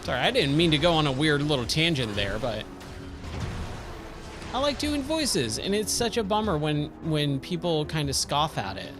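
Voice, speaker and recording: Chatty man with a lively voice. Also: on the high side, moderate pace, music in the background. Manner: rambling, chatty, thinks aloud and drifts into tangents. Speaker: gaming streamer. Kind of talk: casual gameplay commentary.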